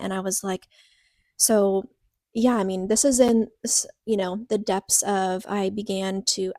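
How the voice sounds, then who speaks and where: A woman's voice: mid-range voice, mellow, no room sound, clean studio sound. A woman co-hosting a podcast, telling a personal story in a rambling, earnest way, full of "like" fillers and restarts. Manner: earnest, openly vulnerable. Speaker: podcast co-host. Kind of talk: casual personal podcast chat.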